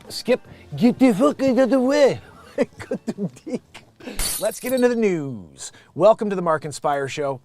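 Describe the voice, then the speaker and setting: A man hosting a comedy news show, joking and swearing as he reads headlines and swings into loud bits. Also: a little high.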